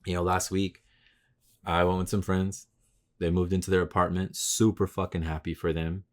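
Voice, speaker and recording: A man in his thirties hosting a solo podcast, talking casually with lots of swearing and slang, rambling and getting loud and animated when he rants. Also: low-pitched, moderate pace. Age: 30s. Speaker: podcast host.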